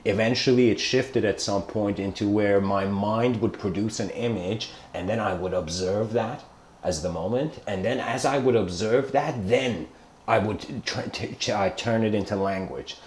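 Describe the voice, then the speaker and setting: A man's voice: on the low side, normal speed, a little mellow, a little hiss or hum. A man giving an informal philosophical talk, rambling and correcting himself with many "you know" fillers. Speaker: lecturer. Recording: echoey room.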